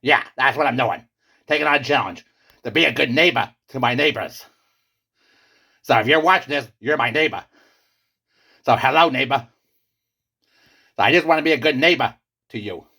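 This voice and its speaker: Guy doing a booming gravelly pizza dude, kinda raspy, bright tone. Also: normal speed, long pauses. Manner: booming, theatrical, insistent. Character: boastful male pizza character, self-styled great one. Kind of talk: comedy skit.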